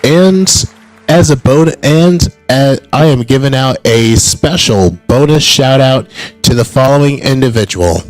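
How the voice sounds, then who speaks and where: A man hosting a casual livestream announcement, rambling and apologetic between drawn-out hype shouts of names. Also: medium pitch, faint music behind, poor audio. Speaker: streamer hosting an announcement stream.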